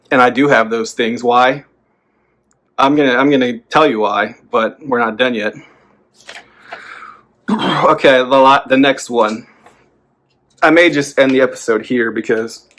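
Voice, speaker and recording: Young guy ranting motivational stuff, swears a lot, gets loud in bursts, normal pitch. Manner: blunt and profane, lively, swings into loud bursts. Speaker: self-help podcast host. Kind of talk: motivational monologue.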